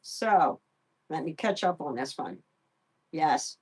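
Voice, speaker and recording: A woman's voice: low-pitched, expressive, slow pace, husky. Woman sweet-talking her pet. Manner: soft baby talk to her pet, chatty with viewers. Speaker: pet livestream host. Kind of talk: casual live-stream chat.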